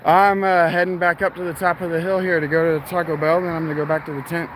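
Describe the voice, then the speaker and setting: A man's voice: fairly high pitch, level tone, fast talker. A man talking casually while walking outdoors, short of breath, blunt and profane with rambling asides. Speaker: street vlogger and storyteller. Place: outdoors on town streets. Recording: outdoor traffic noise.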